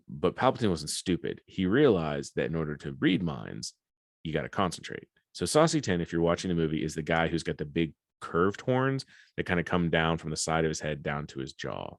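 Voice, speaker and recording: Deep-voiced man, profane and rambling. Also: sing-song, a little fast, gravelly, no echo, clean studio sound. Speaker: podcast host. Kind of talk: casual podcast chat.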